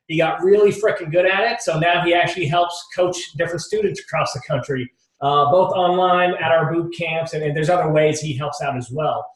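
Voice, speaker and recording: A man hosting an interview, introducing a guest in a relaxed way with lots of fillers. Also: on the high side, fairly quick. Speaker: host. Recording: echoey room, distant mic.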